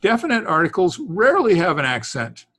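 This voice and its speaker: A man's voice: high voice, wildly swooping pitch, a little fast, fairly bright tone, slightly rough, no echo. A man teaching a Greek class to students in the room, rambling and stopping to restart his sentences, with the odd chuckle. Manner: rambling, self-interrupting, with chuckles. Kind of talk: classroom lesson.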